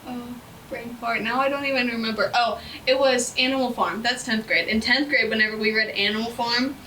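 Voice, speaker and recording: A high, bright-voiced teenage girl tells school stories on a casual podcast. She giggles a lot and acts out what everyone said, with faint room hiss underneath. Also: fairly even intonation, a little fast, recorded from a distance, low-quality recording. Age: teens. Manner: giggly storyteller, acts out quoted lines. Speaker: student podcast co-host. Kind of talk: casual chat.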